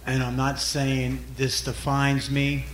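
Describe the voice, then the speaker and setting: A man's voice: medium pitch, monotone, slight background noise. A man in the congregation asking an earnest question about living with chronic pain. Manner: slow, earnest. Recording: echoey room, faint ambience.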